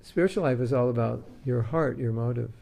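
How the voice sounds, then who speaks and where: A spiritual teacher with a deeply gravelly, dark and mellow voice gives a relaxed devotional talk, speaking a little fast. Conversational and joking, he teaches through homely, everyday examples and light jokes.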